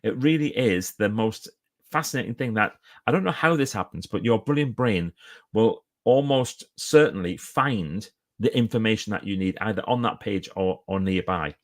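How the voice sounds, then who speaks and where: A middle-aged man talks on a live stream in a casual, enthusiastic way, his voice sitting fairly low. He often breaks off and restarts his sentences as he chats from his book-lined home office. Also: moderate pace. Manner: chatty and enthusiastic, self-interrupting. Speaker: author and speaker. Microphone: phone or camera for a live stream.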